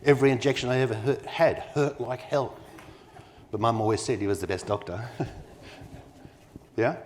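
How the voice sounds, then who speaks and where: A man's voice: medium pitch, moderate pace, slight background noise. A man gives a live conference talk as keynote speaker, delivering each point with emphasis and constantly checking in with his audience through rhetorical questions. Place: conference venue.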